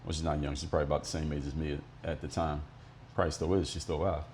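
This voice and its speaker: A man's voice: extremely low pitch, little pitch movement, rapid-fire, darkish tone, a little hiss or hum. A middle-aged man from Miami talking solo as a podcast host, telling stories bluntly, with some swearing. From Miami, United States. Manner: blunt, profane, explanatory. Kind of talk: monologue storytelling.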